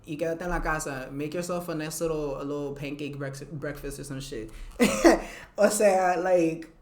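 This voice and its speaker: A woman's voice: low-pitched, moderate pace, darkish tone. A woman hosting her own podcast in a casual, profane, blunt monologue, dropping Spanish phrases between English lines. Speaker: podcast host. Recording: roomy echoey room.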